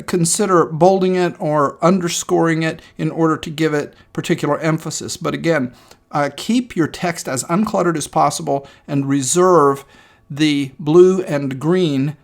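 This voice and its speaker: Gravelly man giving a measured lecture. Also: on the high side. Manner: measured, explanatory, with frequent ums and uhs. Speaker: instructor. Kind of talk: screen-recorded lecture.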